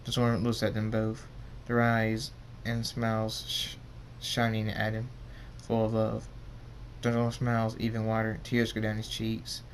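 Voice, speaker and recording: A man reading a pony fan story aloud as narrator, halting and correcting himself as he goes. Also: on the low side, monotone, a little hiss or hum. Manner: halting, stumbling and self-correcting.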